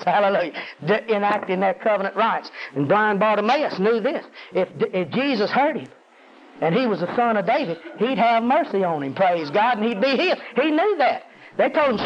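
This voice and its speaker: High-pitched preacher, lo-fi recording. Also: male voice, animated, normal speed. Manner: call-and-response preaching, rising to high intense peaks. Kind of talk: sermon. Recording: dull lo-fi audio.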